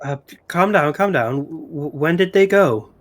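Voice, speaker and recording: A man playing in a tabletop game, talking in a calm, soothing way. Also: fairly high pitch, unhurried. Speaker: player. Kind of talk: casual tabletop play.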